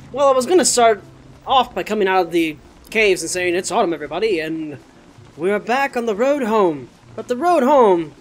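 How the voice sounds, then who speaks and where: Excitable, swearing gameplay commentator. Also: medium pitch. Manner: excitable, jokey and profane, talking to game creatures. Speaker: gaming channel host.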